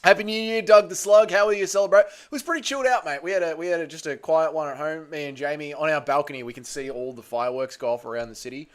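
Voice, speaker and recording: Loud hungover Australian streamer. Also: male voice, fairly high pitch, steady tone, quick pace, hardly any pauses. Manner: loud, blokey banter with frequent "mate" and "brother". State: a little hungover. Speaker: livestream host. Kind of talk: casual livestream chat reading comments.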